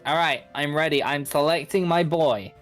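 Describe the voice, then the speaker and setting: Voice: medium pitch, moderate pace, fairly bright tone, soft background music. A gaming partner in their thirties, easygoing and reflective, chuckling while talking. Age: 30s. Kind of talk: casual gaming chat.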